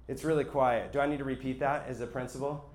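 A man's voice: medium pitch, fairly even intonation, fast. A male pastor preaching a sermon to a live audience. He speaks in an emphatic, conversational way and often checks whether the audience understands.

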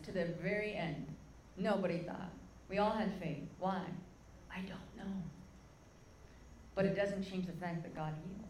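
A woman's voice: lowish voice, darkish tone, echoey room, slight background noise, poor audio. A woman preaching a sermon, telling an emotional testimony story and calling out to the crowd as "guys".

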